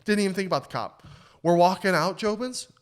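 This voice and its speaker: A young man with a slightly high voice tells a story in animated podcast chat. He swears freely and stumbles over his words as he goes. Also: quick pace. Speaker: podcast host.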